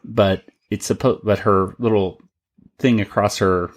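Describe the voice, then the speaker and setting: A man's voice: lowish voice, steady tone, measured pace. A man hosting a podcast in casual chat, chatty and laughing often, with frequent restarts. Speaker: podcast host.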